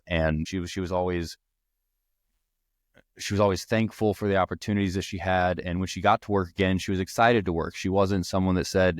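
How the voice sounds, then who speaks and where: Young man, podcast host, earnest personal stories, deep voice, dry close sound. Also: steady tone, a little fast, dry recording. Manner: earnest, rambling with restarts. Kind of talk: personal storytelling.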